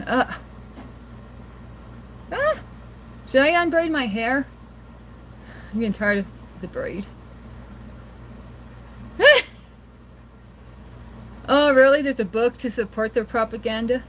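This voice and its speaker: A woman's voice: a little high, slow pace, long pauses, slight background noise. A woman hosting a casual livestream, chatting and rambling to viewers and laughing often, recorded on a handheld phone. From rural area near Boise, Idaho. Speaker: livestream host.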